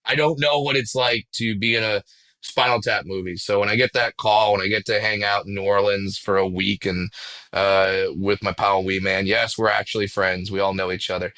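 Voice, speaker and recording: A male comedian telling stories in a casual podcast interview, excitable and self-deprecating, swearing freely. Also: lowish voice, normal speed. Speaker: comedian guest.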